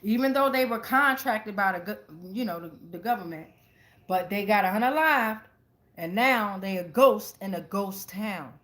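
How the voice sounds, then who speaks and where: Excitable woman reading tarot, echoey room. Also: medium pitch, normal speed. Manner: profane, keeps asking "right?"; excitable, repeats phrases. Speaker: tarot reader. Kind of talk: casual tarot reading to camera.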